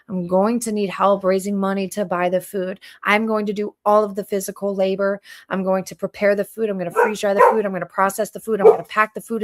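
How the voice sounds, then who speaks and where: Fervent woman preaching on a livestream. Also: medium pitch. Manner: fervent, preachy, asks pointed questions. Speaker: livestream host and community food organizer. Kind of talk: impassioned livestream monologue.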